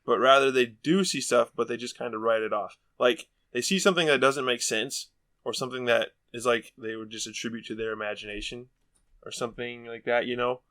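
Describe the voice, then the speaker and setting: A man's voice: medium pitch, fairly even intonation, fairly quick, pushed and bright. A man hosting a casual book podcast, rambling and laughing a lot as he talks. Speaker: podcast host.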